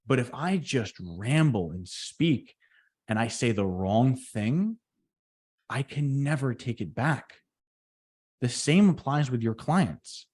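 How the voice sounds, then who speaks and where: Deliberate man on a trade podcast. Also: medium pitch, expressive, darkish tone. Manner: deliberate, reflective, speaks slowly on purpose. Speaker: podcast co-host. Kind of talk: casual podcast chat.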